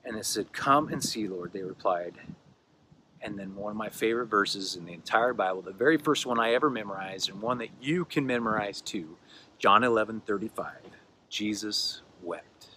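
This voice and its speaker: A man's voice: on the low side, fairly quick, bright, forceful tone, a little hiss or hum. A man preaching a casual sermon, reading scripture aloud and stumbling over restarts and fillers. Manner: conversational, with filler words and restarts. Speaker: pastor.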